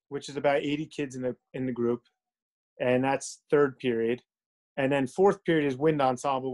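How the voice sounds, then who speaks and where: A man's voice: a little high, darkish tone. Easygoing man explaining over a call. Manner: easygoing, explanatory, fillers like you know. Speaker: school band director. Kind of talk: casual interview answers. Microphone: video call.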